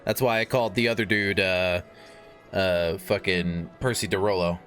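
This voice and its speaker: A man's voice: sits low, steady tone, moderate pace, a bit bright, soft background music. A man streaming a video game, chatting casually with viewers, rambling and swearing with lots of restarts. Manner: rambling, profane, stumbling restarts. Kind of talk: casual gameplay chat.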